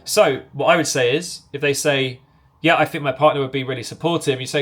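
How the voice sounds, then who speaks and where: A man coaching salespeople, talking directly to the viewer and acting out both sides of sales calls in quick back-and-forth. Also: mid-range voice, steady tone, fairly bright tone. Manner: direct, commanding delivery. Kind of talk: instructional talk to camera.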